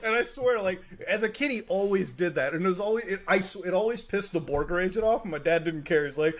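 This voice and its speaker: High-pitched laughing Canadian man. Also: expressive, quick pace, hardly any pauses. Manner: storytelling with frequent laughter and swearing. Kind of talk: casual chat.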